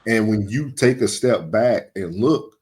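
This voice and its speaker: A man's voice: lowish voice, lively intonation, measured pace, darkish tone. A man hosting a casual conversation, agreeable, often chiming in with short affirmations. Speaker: host.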